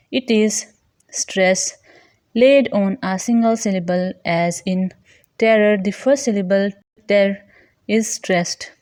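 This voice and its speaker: A woman teaches grammar at an unhurried pace, reading each definition and example word carefully. Her voice sits at a middle pitch, and her delivery is measured and scripted. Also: a little mellow, dry recording. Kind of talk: slow scripted grammar lesson.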